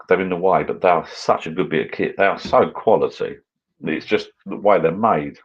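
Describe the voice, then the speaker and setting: The audio is dull, and the man's voice sits low. He's a British channel host on a casual live stream, drinking while he chats loosely and reads comments from viewers out loud.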